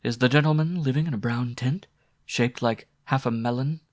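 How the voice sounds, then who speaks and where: A male narrator voicing a mysterious unveiled desert woman who speaks slowly with a droning growl between words. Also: medium pitch, no echo, studio quality, pitched above the performer's own voice, lightly acted. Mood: amused. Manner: slow, sing-song, lips barely parting.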